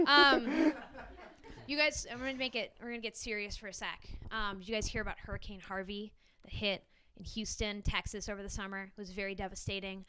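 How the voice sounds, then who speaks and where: A woman's voice: medium pitch, steady tone, brisk, bright, forceful tone, clean tone. A young woman doing a stand-up comedy set before a small live audience, chatty and self-deprecating with frequent ums and laughs.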